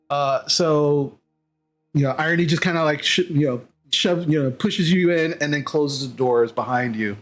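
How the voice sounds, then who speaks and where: Man, game master narration, rambling, fairly high voice, faint background music. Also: normal speed, fairly bright tone. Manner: rambling, frequent fillers and restarts. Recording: slightly dull mic, faint music behind.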